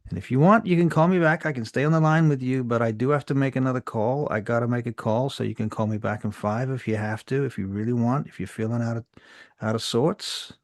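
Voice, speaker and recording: A man playing a brisk, protective woman. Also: medium pitch, dry recording, studio quality, close to an everyday voice. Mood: urgent. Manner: urgent, reassuring, takes charge.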